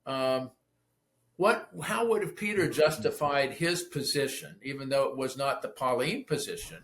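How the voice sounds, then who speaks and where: A man's voice: mid-range voice, animated, normal speed, a bit bright. A man speaking as an interview guest, a theologian and pastor, talking thoughtfully and often restarting his sentences. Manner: thoughtful, with frequent restarts and stammers. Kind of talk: conversational interview.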